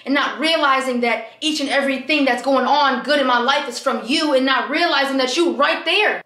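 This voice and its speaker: A woman's voice: sits high, fairly quick, pushed and bright. A young woman vlogging in a chatty, exclaiming way, talking to her viewers as y'all. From Michigan, USA. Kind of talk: casual chat vlog. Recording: echoey room with faint background noise.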